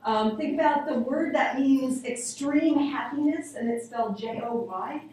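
An unhurried woman with a high, somewhat mellow voice leads a linguistics class, working through explanations and answering students' questions. She repeats examples aloud, and she was captured from afar in an echoey classroom.

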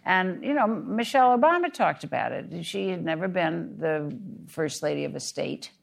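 Low, gravelly-voiced woman panelist. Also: expressive. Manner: quick interjections, conversational. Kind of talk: panel discussion before an audience.

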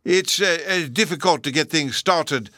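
A man voicing a mild, timid old professor who speaks meekly and haltingly. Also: on the high side, pushed and bright, no echo, studio quality, voice pushed up. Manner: meek, hesitant, halting.

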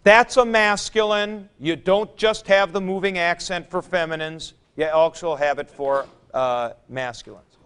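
A man's voice: high-pitched, a little slow, a bit bright, smooth. A man teaching a classroom lecture, patiently explaining step by step and repeating forms aloud at the board. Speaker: Greek teacher.

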